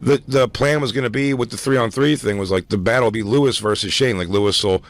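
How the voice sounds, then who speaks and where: A man's voice: medium pitch, fast. A man hosting a podcast, rambling through a story with frequent restarts and plenty of swearing. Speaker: podcast host. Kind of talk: casual chat.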